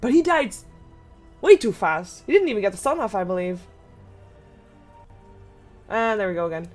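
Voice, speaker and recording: A young woman casting a live esports match, giving quick, excitable play-by-play and laughing along. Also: medium pitch, soft background music. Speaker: esports caster. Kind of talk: live game commentary.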